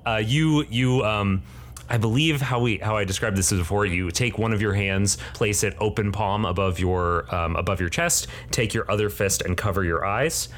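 A man's voice: on the low side, normal speed, fairly bright tone. A man narrating as game master for a tabletop game, hesitant with many fillers.

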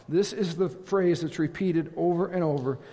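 A man preaching a sermon as pastor, emphatic, repeating phrases and building to loud exclamations. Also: a little high, normal speed. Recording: long hall reverb.

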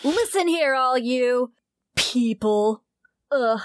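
A rude, hot-tempered wrestler, played by a woman at a tabletop game, storming in and snarling at everyone in sight. The voice sits high and is pushed into loud, shouty yelling. The sound is dry and close, with no room around it. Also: expressive, slow pace, smooth, no echo. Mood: angry.

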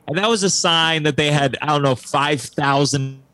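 A man's voice: a little high, moderate pace, pushed and bright, no echo. A young adult male actor chatting casually, candid, wry and profane. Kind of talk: casual chat.

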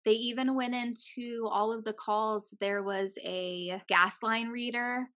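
A young woman in casual chat, retelling a true-crime story with animated voices for the people in it and frequent swearing. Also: on the high side, takes it slowly.

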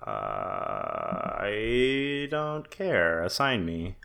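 Gravelly man, stammering starts. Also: fairly low pitch, wildly swooping pitch, extremely slow, pushed and bright. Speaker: podcast co-host. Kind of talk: casual chat.

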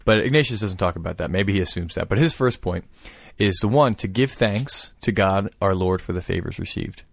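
A man calmly explaining a prayer practice in casual conversation. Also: low voice, fairly quick, vocal fry, no echo, clean studio sound. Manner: thoughtful, explanatory, steady.

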